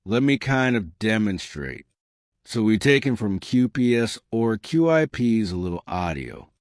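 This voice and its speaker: A man's voice: on the low side, sing-song, unhurried, clean tone, dry recording, studio quality. A man, explaining tips for learning in a chatty manner and often checking in with "right?". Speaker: English teacher.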